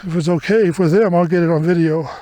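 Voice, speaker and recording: A high-voiced man talks into a close camera mic while hiking a hill trail outdoors, breathing hard between lines. He chats loosely and pokes fun at himself, over a faint hiss of background noise. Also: steady tone, fast talker, dark tone. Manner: rambling, self-deprecating chatter. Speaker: hiker filming his walk. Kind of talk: casual vlog narration. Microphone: camera mic close to mouth.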